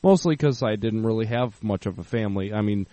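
A man's voice: lowish voice, brisk, mellow, no echo. A man hosting a podcast, easygoing and chatty. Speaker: podcast host. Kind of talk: casual podcast chat.

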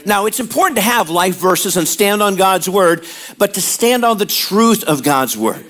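A middle-aged man with a drawl, preaching a sermon. His voice sits high, and he keeps checking in with the congregation in a conversational way. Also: expressive, normal speed, fairly bright tone. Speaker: pastor.

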